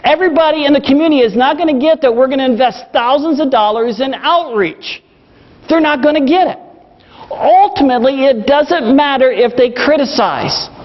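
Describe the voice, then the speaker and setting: High-voiced pastor preaching in a reverberant hall. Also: male voice, normal speed. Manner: earnest, storytelling with emphatic repetition. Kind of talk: sermon. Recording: dull lo-fi recording with long hall reverb.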